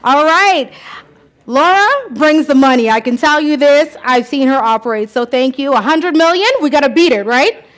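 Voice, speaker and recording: A woman emceeing a live event, peppy and quick as she hands over to the next speaker. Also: high-pitched, expressive, fairly bright tone.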